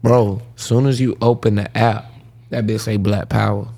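A man co-hosting a podcast in casual chat, slow and thoughtful, laughing easily, with hiccups. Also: lowish voice, flat delivery, vocal fry, warm tone. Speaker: podcast co-host.

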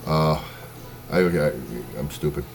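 A man's voice: very deep voice, steady tone, slow pace, background noise. A man co-hosting a podcast in casual chat, rambling, swearing and losing his train of thought. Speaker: podcast co-host.

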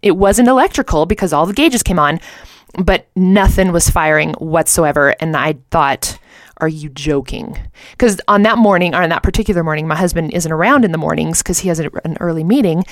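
A woman in her thirties co-hosting a faith talk show, telling a story in a lively way and acting out the voices of the people in it. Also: lowish voice, fairly quick, no echo, clean studio sound. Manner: animated storyteller, acts out quotes. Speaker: co-host.

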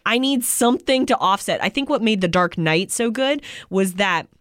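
A man chatting casually about a movie, animated and acting out his own reactions. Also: sits high, moderate pace, no room sound, clean studio sound.

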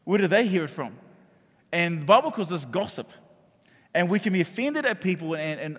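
A man, preaching a sermon and telling stories animatedly, acting out the voices of the people in them. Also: high voice. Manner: animated storytelling that acts out quoted voices. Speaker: pastor. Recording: echoey hall reverb.

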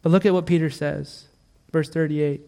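A middle-aged man preaching a sermon in church, earnest, rising to emphatic peaks and then dropping soft and low. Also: fairly even intonation, normal speed, gravelly. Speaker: pastor.

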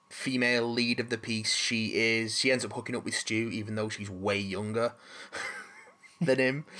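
A man's voice: medium pitch, fairly bright tone. A man hosting a casual chat, rambling with restarts and casual swearing.

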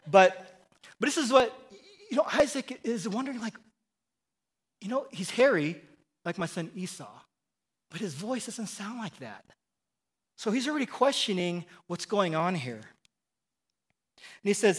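A man's voice: sits high, expressive, unhurried, pauses often, breathy edge. A middle-aged male pastor giving a sermon in a conversational, storytelling way, often checking in with "right?" and chuckling.

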